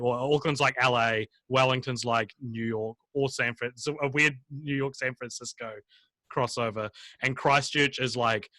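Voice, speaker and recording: A New Zealand man hosts a casual film podcast over a video call. His voice is bright and forward, his sound dry and close, and he rambles, restarts and laughs as he talks. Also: medium pitch, fairly even intonation, moderate pace, dry recording. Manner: rambling, self-interrupting, laughs often. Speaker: podcast host.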